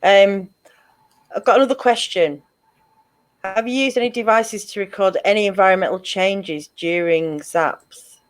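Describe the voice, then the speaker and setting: Woman host asking halting questions. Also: medium pitch. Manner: halting, rephrases her questions. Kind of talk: interview questions.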